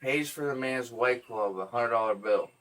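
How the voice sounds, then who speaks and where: A podcast host tells a rambling, profane story with plenty of jokes. He is a man of ordinary pitch, and his voice comes through a little distant from the microphone. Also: moderate pace. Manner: profane, joking, animated storyteller. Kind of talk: casual storytelling chat.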